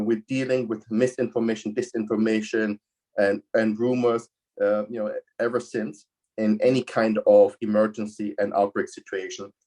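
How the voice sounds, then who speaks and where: A man presenting slides over a video call, speaking haltingly with frequent fillers. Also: on the low side, darkish tone. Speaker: invited expert speaker. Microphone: computer microphone on a video call.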